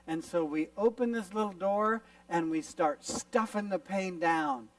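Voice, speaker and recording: A man's voice: high voice, measured pace, no room sound, recorded from a distance, low-quality recording. A man preaching to a youth gathering at a camp, illustrating his points and acting out little scenes as he goes. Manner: animated storyteller who acts out little scenes. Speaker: youth conference speaker. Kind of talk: youth sermon with visual illustrations. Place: camp meeting hall.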